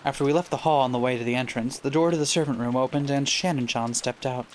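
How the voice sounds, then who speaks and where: A man's voice: mid-range voice, steady tone, quick pace, a little hiss or hum. Man reading a visual novel aloud. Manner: reads the script aloud, stumbles over words and laughs it off. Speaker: let's play co-host. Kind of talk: casual playthrough chat, reading game text aloud.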